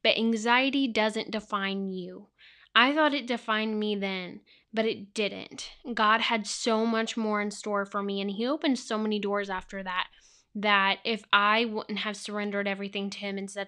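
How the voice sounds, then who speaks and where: A woman's voice: mid-range voice, fairly even intonation, a little slow, sharp tone. A young woman hosting a podcast, telling a personal faith testimony in an earnest way and repeating words for emphasis. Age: young adult. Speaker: podcast host.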